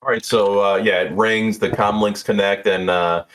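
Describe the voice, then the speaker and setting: A man's voice: lowish voice, fairly even intonation, moderate pace, fairly bright tone. A man narrating as game master in a casual, easygoing way with many fillers. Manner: easygoing, filler-heavy description.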